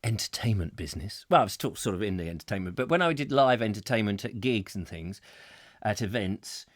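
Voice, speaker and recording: A middle-aged man hosting a comic live chat show, telling stories with lively acted-out voices. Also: lowish voice, brisk, no room sound, studio quality. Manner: lively storytelling, acting out voices with laughs. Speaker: host.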